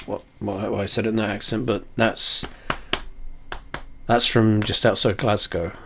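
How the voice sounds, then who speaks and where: A man with a somewhat low voice chats in a loose, rambling way, poking fun at himself and dropping the odd swear word. He sits very close to the camera in a small home setup. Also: level tone, a little slow, gravelly, bright, forceful tone, slight background noise. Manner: rambling, self-deprecating, swears offhandedly. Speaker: whiskey reviewer. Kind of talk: casual rambling chat. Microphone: camera very close to face.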